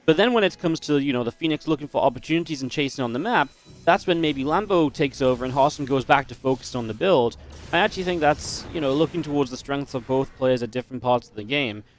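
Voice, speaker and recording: A man's voice: mid-range voice, animated, fast. A man casting a strategy game match, chatty and analytical, breaking into easy laughs. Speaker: esports caster. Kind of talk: play-by-play game commentary.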